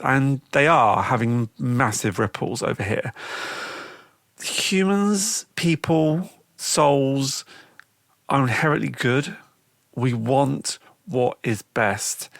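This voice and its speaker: A man's voice: mid-range voice, fairly bright tone, no room sound, studio quality. A man hosting a podcast, talking in a reflective, chatty way with frequent restarts. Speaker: podcast host. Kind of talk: casual spoken monologue.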